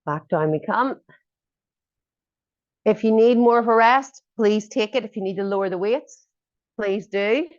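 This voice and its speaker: A woman fitness instructor calls out encouraging cues through a workout, breaking off now and then for chatty, self-mocking jokes. Her voice sits at an ordinary middle pitch for a woman. The audio is dull and a bit lo-fi. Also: a little slow, pauses often. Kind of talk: coaching a live workout class.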